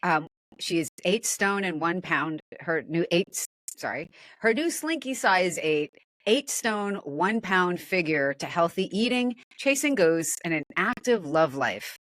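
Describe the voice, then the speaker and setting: A woman's voice: on the low side, expressive, a little slow, fairly bright tone, dry recording. A woman hosting a casual podcast, reading odd news stories aloud and laughing at them. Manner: amused, laughs often, comments while reading. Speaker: podcast host.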